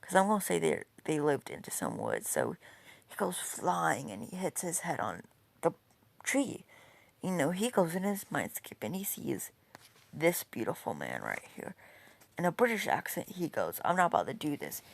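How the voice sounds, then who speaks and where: Gravelly, rambling woman storyteller. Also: low-pitched, wildly swooping pitch, normal speed. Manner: rambling, profane, full of "you know". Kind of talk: casual fan-fiction storytelling.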